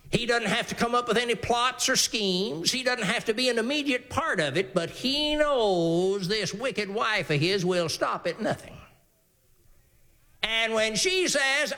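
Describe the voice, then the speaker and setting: A man's voice: very high-pitched, sharp tone. A male preacher giving a folksy, emphatic sermon.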